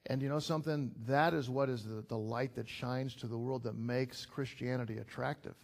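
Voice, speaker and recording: A middle-aged man preaches to a small church gathering, talking plainly and warmly conversational before pressing his points with emphatic rises. His voice sits in an ordinary middle pitch for a man. He sounds like a pastor addressing his own congregation. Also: fairly even intonation, normal speed, vocal fry. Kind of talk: sermon.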